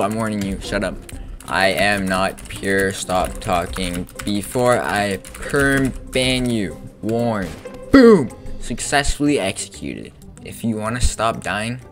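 A man giving excitable, playful commentary over gameplay, breaking into sudden loud outbursts. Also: lowish voice. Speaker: gaming video creator.

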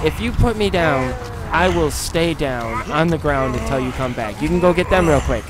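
A man hosting his gaming channel, giving excited commentary as he plays, pleading with the killer, cursing and shouting in panic. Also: fairly high pitch, moderate pace, hardly any pauses. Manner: quiet, relaxed asides to viewers.

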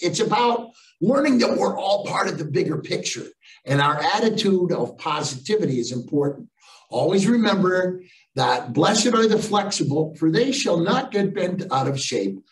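An older man giving a keynote talk on a video call, telling animated stories with punchy one-liners. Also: fairly high pitch. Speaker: keynote speaker. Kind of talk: comic storytelling talk. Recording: echoey room, voice far from the mic.

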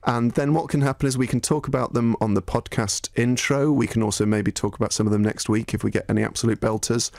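A man's voice: mid-range voice, fairly even intonation, quick pace, gravelly, few pauses, a little mellow, dry recording. A man with a Bristolian accent co-hosting a comedy podcast, dry and mock-formal as he reads out listener messages. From Bristol, England. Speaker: radio podcast co-host. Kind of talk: casual comedy chat.

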